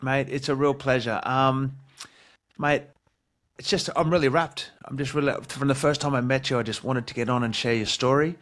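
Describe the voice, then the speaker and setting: A man's voice: medium pitch, fairly even intonation, moderate pace, a bit bright. A man with an Australian accent hosting a podcast interview, effusive and full of praise, calling his guest mate. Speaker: podcast host. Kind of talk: casual interview chat.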